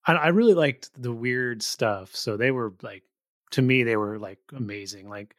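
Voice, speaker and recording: A man's voice: medium pitch, normal speed, fairly bright tone, dry recording, clean studio sound. A man from the Bay Area hosting a podcast, talking about music in an eager, earnest fan's way. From Bay Area, USA. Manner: eager, earnest fan talk. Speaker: podcast host. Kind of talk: casual interview chat.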